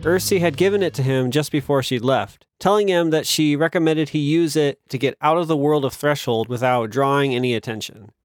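A male narrator reading a novel in steady, measured storytelling. His voice sits a bit high for a man. The recording is dry and close, with no room sound. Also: no room sound, soft background music. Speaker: audiobook narrator. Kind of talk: scripted narration.

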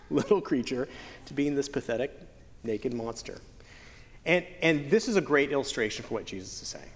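A man preaching a sermon as pastor, earnest with playful joking asides and slow, stretched emphasis on key phrases. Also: fairly high pitch. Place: church sanctuary. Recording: long church hall reverb.

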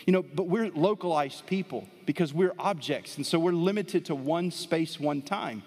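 A man preaching a sermon as pastor, animated, swinging between soft and loud emphasis, in a church with a live audience. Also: on the high side, normal speed, hardly any pauses, husky. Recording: long hall reverb.

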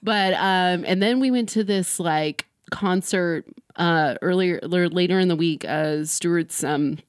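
A young woman telling a long story in casual podcast chat, animated, acting out quotes and swearing a lot. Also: fairly low pitch, slow, no room sound, studio quality. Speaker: guest storyteller.

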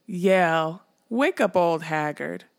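A woman reading an audiobook, voicing a mocking dead male skull that guards a castle, in a slow teasing drawl. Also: on the low side, vocal fry.

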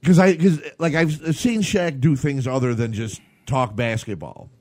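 A man's voice: medium pitch, moderate pace, darkish tone. A man co-hosting a casual comedy podcast, rambling with many restarts and laughing often. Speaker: podcast co-host.

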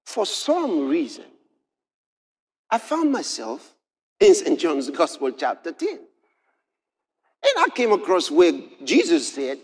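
A man preaching a sermon, moving from quiet storytelling to shouted exhortation. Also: a little high, wildly swooping pitch, slow, pauses often, slightly rough. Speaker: pastor.

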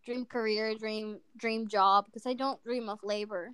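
A woman's voice: fairly high pitch, steady tone, unhurried, a bit bright, clear, resonant tone, dry recording. A woman in her twenties, a guest in a casual group chat, speaking candidly and playfully. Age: 20s. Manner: candid, playful, laughs easily.

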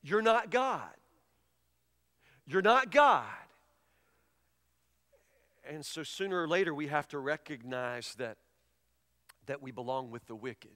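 Bright-voiced man preaching in a reverberant hall. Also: fairly high pitch, expressive, slow, pauses often. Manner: emphatic storytelling, swinging between hushed and loud. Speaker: pastor. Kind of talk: sermon. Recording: long reverb of a large hall.

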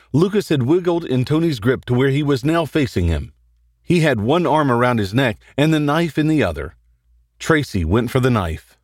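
Man narrating horror with lively pitch. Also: no room sound, clean studio sound. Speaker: host and narrator. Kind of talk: scripted horror story narration.

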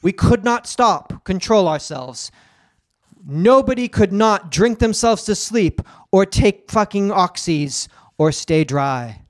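A man's voice: sits high, expressive, slow. A man voicing a father telling his child a tale in a mock-solemn, old-timey way.

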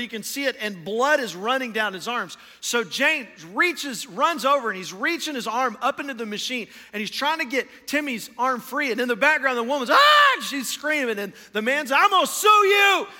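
Impassioned preacher with a bright voice. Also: male voice, extremely high pitch. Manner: impassioned preaching, swings from hushed to loud storytelling. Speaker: pastor. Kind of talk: sermon. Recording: long hall reverb.

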